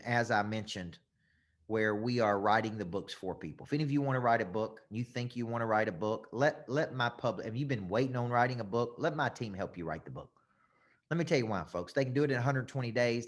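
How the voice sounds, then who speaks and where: A man, a business coach teaching a live webinar over a computer mic, getting worked up and repeating phrases for emphasis. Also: mid-range voice.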